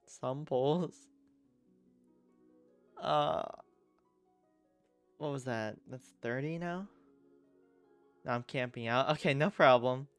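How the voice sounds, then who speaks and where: A man streaming a game as a VTuber, chatting casually and getting excitable with loud bursts of laughter. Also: mid-range voice, takes it slowly, pauses often, clear, resonant tone. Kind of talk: casual game livestream chat. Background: game music.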